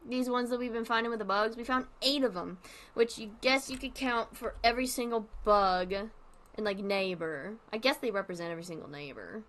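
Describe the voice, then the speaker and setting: A woman's voice: a little high, brisk, fairly bright tone. A woman streamer giving casual commentary while playing, rambling and thinking aloud with lots of fillers.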